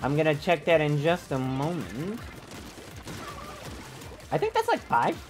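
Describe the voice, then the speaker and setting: A man streaming a live game, talking in a theatrical way that swings from low mumbles to sudden yells. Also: huge pitch swings, a little slow.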